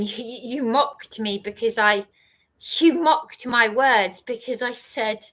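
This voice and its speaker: Woman, livestream rant, accusatory and repetitive, slightly high voice, slow delivery. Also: fairly bright tone. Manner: agitated, accusatory, repeats herself.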